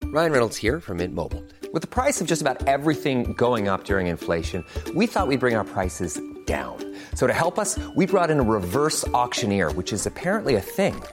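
A man's voice: mid-range voice, very animated, a little fast, close to an everyday voice. A man voicing a company owner in a scripted ad, wry and dry, with music behind him. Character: company owner pitching his phone plan. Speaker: ad spokesman. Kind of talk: scripted radio ad read.

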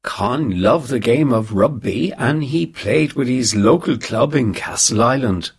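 A man narrating a documentary in a measured, scripted delivery. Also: medium pitch, expressive, gravelly, husky.

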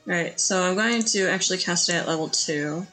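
A woman's voice: on the low side, normal speed, over music, rough recording. A woman playing a tabletop game, with a playful, giggly manner.

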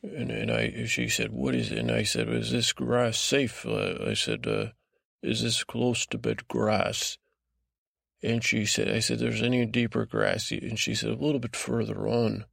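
A man hosting a show, telling a meandering improvised bedtime story in a slow, drowsy way with a put-on, vaguely Scottish lilt, often stalling and repeating himself. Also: lowish voice, vocal fry, fairly bright tone, dry recording, studio quality. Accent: put-on vague Scottish-ish lilt. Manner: meandering, halting, full of restarts and repeated words; slow, drowsy, lulling delivery. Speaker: podcast host. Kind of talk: rambling improvised bedtime story told in first person.

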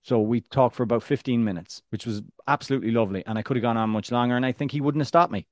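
A man's voice: mid-range voice, rapid-fire, darkish tone, no echo. A man co-hosting a sports podcast, chatting casually, joking and rambling with frequent restarts. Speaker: podcast co-host.

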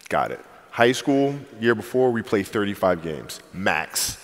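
A man's voice: fairly low pitch, sing-song, moderate pace, in a large hall. A man being interviewed, talking in a laid-back, blunt way with lots of "like" and "you know". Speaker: interview guest. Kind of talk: casual interview chat.

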